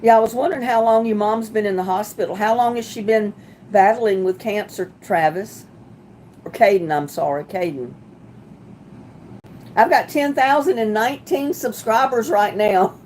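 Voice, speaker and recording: A woman's voice: medium pitch, expressive, moderate pace, darkish tone, a little hiss or hum. Chatty woman hosting a livestream. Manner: chatty, sympathetic, laughs often. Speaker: livestream host. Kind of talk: casual livestream chat reading viewer comments.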